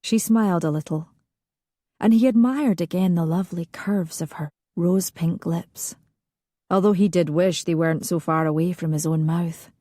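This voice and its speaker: The voice here belongs to a woman giving a romance audiobook a gentle, intimate, unhurried reading. It's very slow, somewhat low, mellow, and husky, recorded close and dry.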